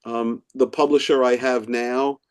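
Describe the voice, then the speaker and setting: The speaker is a middle-aged professor and author guesting on a podcast, relaxed in conversation as he tells stories and animatedly voices the people he quotes. His tone is clean, his pitch medium, and he takes his time.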